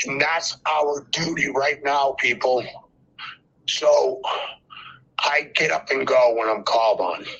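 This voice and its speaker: A man's voice: mid-range voice, takes it slowly, vocal fry, long pauses, fairly bright tone, husky. An older man calling in to a talk show, speaking fervently and preaching, repeating phrases for emphasis, over a muffled lo-fi line. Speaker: caller. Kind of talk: impassioned call-in speech.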